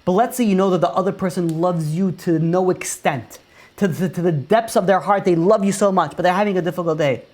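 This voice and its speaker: A man's voice: high voice, brisk, a little mellow. Man preaching in rhetorical questions. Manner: repetitive rhetorical questions, restarts. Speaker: rabbi. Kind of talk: conversational sermon.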